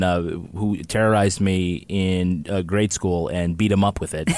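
A man's voice: lowish voice, dry recording. A man co-hosting a casual podcast, jokey and rambling with fillers. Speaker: podcast co-host.

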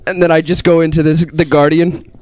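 A man co-hosting a podcast, telling a funny story in a casual chat, animated and often laughing. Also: on the high side, fairly quick, slight background noise. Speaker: podcast co-host.

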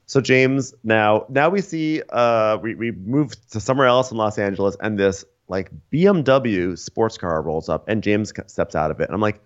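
A man with a very low voice co-hosts a casual podcast, recounting scenes in a wry, meandering way. He pads his sentences with fillers and drily questions what he saw. The recording is a touch dull and lo-fi. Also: expressive, moderate pace, hardly any pauses. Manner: wry, rambling storytelling with many fillers. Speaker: podcast co-host. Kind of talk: casual recap chat.

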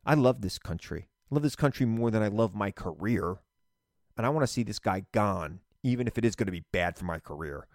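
Emphatic low-voiced male political commentator. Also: fairly quick, dry recording, studio quality. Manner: animated, emphatic, repetitive. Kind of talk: political monologue.

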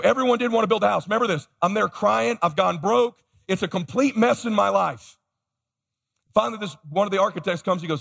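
A man's voice: sits high, a little fast, vocal fry, fairly bright tone. A man giving a motivational keynote to a live audience, telling a story energetically and acting out the other people in it. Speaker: motivational speaker. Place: large conference hall. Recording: live hall with long reverb.

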